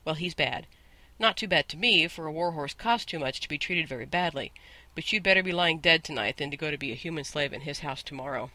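A man's voice: a little high, lively intonation, a little fast, bright, forceful tone, dry recording. Storybook horse: haughty male war horse, lecturing and lofty, dry close read by a male reader. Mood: indignant. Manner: scornful, lecturing, grand. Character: proud talking male war horse, bossy.

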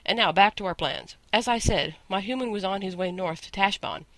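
A man's voice: high-pitched, a little fast, a bit bright, no echo. A man voicing a proud, bossy talking male war horse who speaks in a grand, lecturing, scornful way.

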